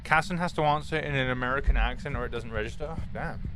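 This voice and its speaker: A young man streaming a horror game, talking to his chat in an excitable, swearing manner. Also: medium pitch, fast, a little hiss or hum. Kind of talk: live gaming stream commentary.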